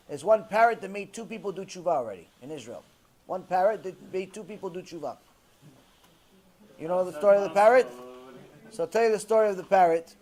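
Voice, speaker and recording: A man with a high voice gives a lecture as a rabbi. He tells his story with animated energy and mixes Hebrew terms into his English.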